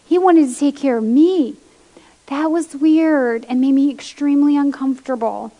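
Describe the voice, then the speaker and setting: A woman, a pastor's wife, giving an animated testimony sermon to women and acting out quoted voices as she tells stories. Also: high-pitched, normal speed, dull audio. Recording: long hall reverb.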